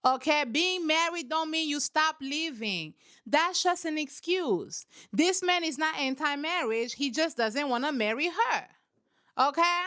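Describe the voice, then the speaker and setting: A woman's voice: sits high, expressive, a little slow, pushed and bright. A young woman host giving blunt, sassy commentary on a reality show, with laughing asides. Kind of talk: casual reaction commentary.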